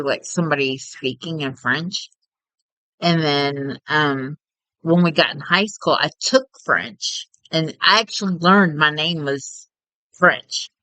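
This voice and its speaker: A woman's voice: sits low, pushed and bright, no echo, low-quality recording. A woman, chatting casually and at length as a streamer while she plays a game. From Texas. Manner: chatty and rambling, with frequent laughter.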